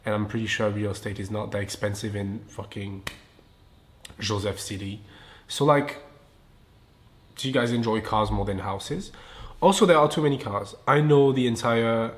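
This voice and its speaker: This French podcast host talks at a normal speed in a lowish voice, alone at the mic. His accented, rambling chat is loose and casual, peppered with swearing, frequent laughter and side tangents.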